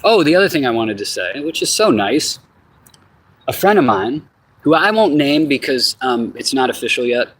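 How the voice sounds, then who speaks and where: A man's voice: medium pitch, very animated, normal speed, a bit bright, poor audio. A man giving a loose, slangy, profane update to his channel viewers, rambling from topic to topic. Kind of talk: casual rambling vlog. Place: outdoors on a hot evening.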